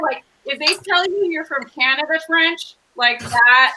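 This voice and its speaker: A woman co-hosting a casual online cooking chat, talking in an animated way and laughing easily. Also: high voice, fairly quick, few pauses, rough recording. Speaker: co-host.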